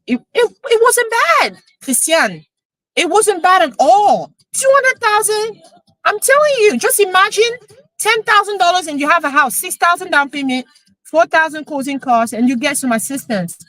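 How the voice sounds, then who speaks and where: A woman, a real estate coach chatting emotionally on a live stream, excited as she talks. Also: extremely high pitch, normal speed, no room sound, poor audio. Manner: excited, emotional, switching into French.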